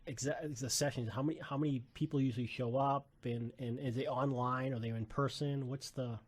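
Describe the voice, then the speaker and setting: A male radio host and financial advisor chats with his guest in a relaxed, conversational way. His voice sits in a middle register, and he often trails off into quieter asides. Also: mid-range voice, brisk. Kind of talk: radio interview.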